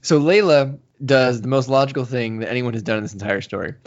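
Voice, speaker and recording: Male co-host, mid pitch, casual animated recap, slightly dull lo-fi mic. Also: fast talker. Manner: animated recapping with acted-out quotes and laughs. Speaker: podcast co-host. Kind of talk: casual podcast chat.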